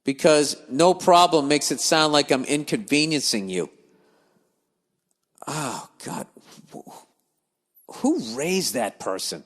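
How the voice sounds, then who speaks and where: A man's voice: mid-range voice, lively intonation, slow, pauses often, fairly bright tone, in a large hall. A man hosting a podcast, reading listener letters aloud and breaking into profane, grumbling comic rants and digressions. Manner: swears freely, grumbles and digresses. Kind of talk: profane comedic rant.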